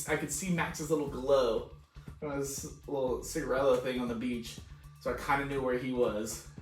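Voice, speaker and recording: A man co-hosting a podcast, telling a long casual story with frequent laughs and free swearing. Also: medium pitch. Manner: laughs often, swears freely, animated retelling. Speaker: podcast co-host. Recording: roomy echo, distant mic, faint music.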